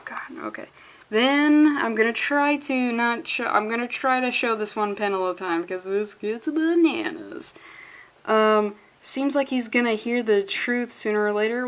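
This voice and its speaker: Woman, fairly high voice, sarcastic, incredulous, comic commentary, laughing through her words. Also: moderate pace, low-quality recording. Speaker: comic reviewer. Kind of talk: comedic comic-book reading.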